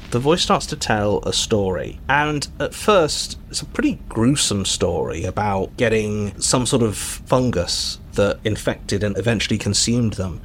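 A man's voice: fairly low pitch, animated, unhurried, few pauses, noisy background. A man running a tabletop game as game master, narrating scenes and teasing his players with frequent laughs. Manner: playful, teasing, laughs often.

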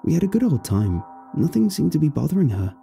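A man narrating a storybook, voicing a calm middle-aged woman who gently reassures her husband. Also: a little high, fast, vocal fry, soft background music, pitched above the performer's own voice. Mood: explaining.

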